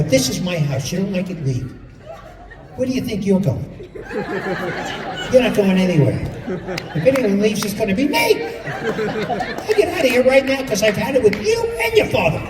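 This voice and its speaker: A man voicing a nagging, furious mother who scolds her son with relentless questions on a comedy stage. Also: sits high. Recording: roomy hall, distant mic, audience laughter.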